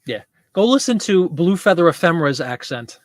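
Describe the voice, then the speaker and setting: This live selling host's voice sits on the high side and swings widely in pitch as he talks fairly quickly. He chats casually with viewers, rambling, laughing, and reading their comments aloud. The sound is clean studio audio with no room sound.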